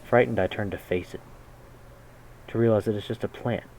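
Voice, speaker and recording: A man reading a game's story text aloud in a measured way, breaking in with casual, slangy jokes as a gaming host. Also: fairly low pitch, fairly even intonation, darkish tone, a little hiss or hum, low-quality recording. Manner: measured narration broken by casual slangy comments. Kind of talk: reading game text aloud with jokey asides.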